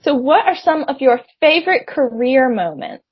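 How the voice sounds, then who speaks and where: A woman's voice: sits high, expressive, normal speed, slightly rough, no room sound. A woman hosting a podcast, asking questions and giving short encouraging responses. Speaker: podcast host. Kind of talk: interviewer. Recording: dry muffled lo-fi audio.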